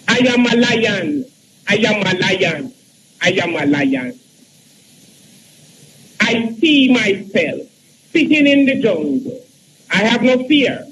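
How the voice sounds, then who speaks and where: A Jamaican man in his thirties reciting his own poem slowly, with earnest, chanting repetition. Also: high-pitched, fairly bright tone, slight background noise, poor audio. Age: 30s. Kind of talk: slow spoken-word poetry.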